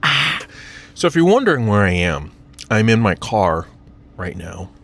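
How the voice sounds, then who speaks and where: A man's voice: on the low side, big pitch swings, measured pace, gravelly, fairly bright tone. An American man vlogging from his parked car, rambling casually with lots of fillers and self-mocking asides. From United States.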